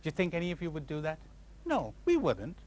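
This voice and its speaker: A man giving a spiritual lecture to a live audience, animated and questioning his listeners, acting out imagined replies. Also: a little high, brisk. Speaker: spiritual teacher.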